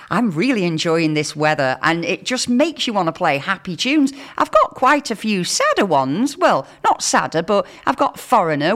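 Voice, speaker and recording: A woman's voice: lowish voice, a bit bright. A woman hosting a local radio show in England, chatting casually and reading out listener texts. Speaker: radio presenter.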